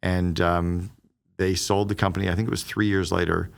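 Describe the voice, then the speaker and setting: A middle-aged man, a guest on a business podcast, telling stories in a quick, animated conversational way and acting out the dialogue he quotes. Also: low voice, creaky. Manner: fast, animated storyteller who acts out quoted dialogue.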